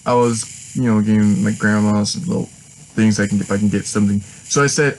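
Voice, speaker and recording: Brief man for a casual home vlog, chatty, rambling and excitable. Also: fairly low pitch, fairly quick, rough recording. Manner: rambling and excitable, with frequent restarts and laughs. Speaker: vlogger.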